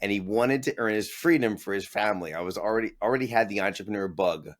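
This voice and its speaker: A man's voice: fairly low pitch, fast talker. A man in his forties, a business owner telling his story in a casual interview, acting out the voices of people he quotes and laughing often.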